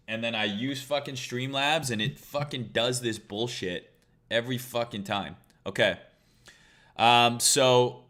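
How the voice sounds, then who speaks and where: A man's voice: medium pitch, sharp tone. A man hosting a trading livestream, talking casually in a blunt, profane, rambling way.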